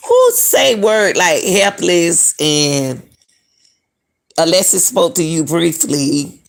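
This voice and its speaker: Gravelly low-voiced woman commentating live. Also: sing-song, slow pace. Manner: talks to viewers as "y'all", questions and mocks what she reads. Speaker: commentary channel host. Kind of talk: casual live-stream commentary.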